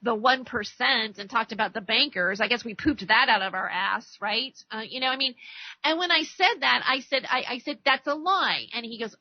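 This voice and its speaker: A high-pitched woman hosts a radio talk show and rants in a rambling, heated way. She stammers and restarts her sentences, then acts out both sides of an argument. The sound is dry and a little dull, like a lo-fi radio recording. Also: lively intonation, normal speed, dry recording. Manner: acts out arguments by quoting others. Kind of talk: political rant monologue.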